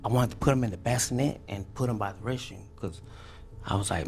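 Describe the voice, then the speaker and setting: A man with a low voice and a gravelly, creaky texture. He speaks haltingly in a police interview, with many restarts and fillers. When he quotes others his voice goes loud and high. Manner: acts out quotes loudly, high and tense. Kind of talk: recorded police interview testimony.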